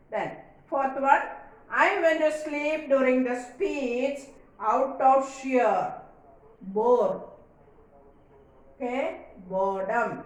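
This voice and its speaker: A woman teacher giving an English grammar lesson, repeating each answer and spelling words out letter by letter. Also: on the high side. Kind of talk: recorded classroom lesson. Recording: very echoey room.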